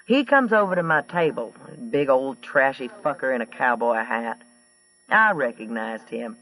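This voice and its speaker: A man reading an audiobook, voicing a rough, brawling woman trucker with a twangy drawl who talks blunt and profane. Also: medium pitch, lively intonation, a little slow, sharp tone, far from the mic, low-quality recording. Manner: blunt, profane, matter-of-fact.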